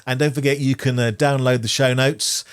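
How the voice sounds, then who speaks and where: With a clear, resonant medium-pitched voice, fairly even intonation and normal speed, a middle-aged man co-hosts a podcast. The chat is casual and earnest, and he repeats words as he thinks.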